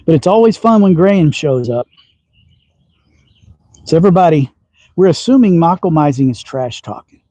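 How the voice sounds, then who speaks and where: A man's voice: on the high side, lively intonation, normal speed, long pauses, mellow, low-quality recording. A man from Texas with a slight Southern accent, hosting a casual livestream and chatting while he shoots outdoors. He talks in a folksy, teasing way and chuckles often. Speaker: slingshot livestream host. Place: outdoor backyard shooting range.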